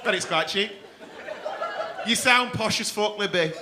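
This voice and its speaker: A man doing stand-up crowd work on a comedy club stage, teasing audience members with quick-fire, sweary banter. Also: high voice. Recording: live club recording with crowd noise. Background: audience laughing.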